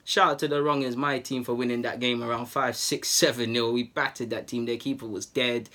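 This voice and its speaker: A young man, telling a story casually to his channel's viewers in lively slang. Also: mid-range voice, brisk. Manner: lively, slangy, acts out heated exchanges. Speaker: YouTuber.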